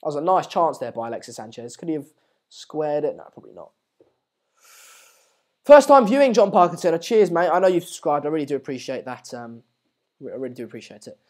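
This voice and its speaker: A man's voice: a little high, big pitch swings, brisk, darkish tone. A man talks through a live match watchalong in a loose, rambling way. His talk is full of fillers and restarts. He keeps calling on viewers to subscribe between comments on the play. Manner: repeatedly urges viewers to subscribe. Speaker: live-stream host.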